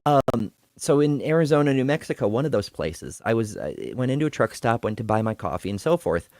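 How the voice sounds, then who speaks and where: Animated chatty host guy from the northeast us, laughs a lot, dry sound. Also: medium pitch, a little fast, no echo. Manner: chatty, storytelling, laughs often. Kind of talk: casual chat reviewing a debate.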